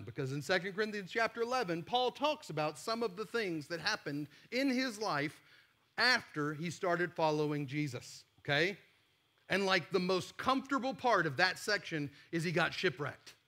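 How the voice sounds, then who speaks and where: A pastor with a Southern American accent giving a sermon in a church, conversational and emphatic, asking rhetorical questions. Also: male voice, sits high, fairly bright tone. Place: church sanctuary.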